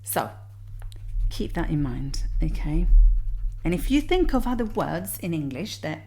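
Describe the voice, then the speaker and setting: Slow, mellow woman teaching music theory. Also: fairly low pitch, big pitch swings, slight background noise. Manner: counts beats aloud, patient explanations. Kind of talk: explaining exam answers step by step.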